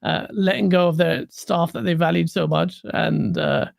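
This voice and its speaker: A gaming stream co-host ranting casually, animated, swearing and laughing often. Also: mid-range voice, normal speed, creaky, no room sound, studio quality.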